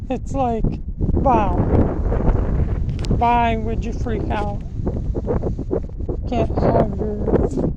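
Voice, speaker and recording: A vlogger drawls out an unhurried, rambling opinion piece, doubling back on words and restarting thoughts. The outdoor phone mic carries clear wind rumble and a boat somewhere behind. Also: steady tone. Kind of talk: casual opinion vlog.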